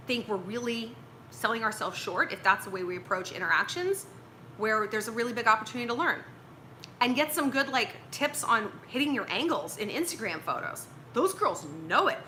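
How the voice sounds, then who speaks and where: A young woman chats her way through dating advice on a livestream, blunt, joking and acting out quoted lines. Her voice is bright and lively, swinging high and low. Faint noise sits under the recording. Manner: animated, blunt and joking, acts out quoted speech. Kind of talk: casual livestream advice chat.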